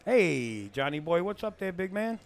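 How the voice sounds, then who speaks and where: Boston-accented man, gravelly, playful ribbing, very animated pitch. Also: normal speed. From Boston, USA. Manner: joshing, playful. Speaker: pool stream co-commentator. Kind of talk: casual live-stream banter.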